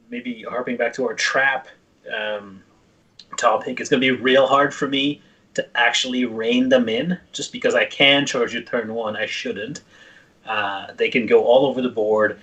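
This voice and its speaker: A man's voice: medium pitch, fairly bright tone, poor audio. A man co-hosting a podcast, talking enthusiastically in casual chat and often repeating words as he starts. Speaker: podcast co-host.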